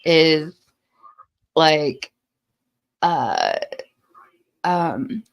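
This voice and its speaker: A woman on a podcast panel, talking in casual chat, animated and stumbling over her words. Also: low voice, extremely slow, creaky, low-quality recording.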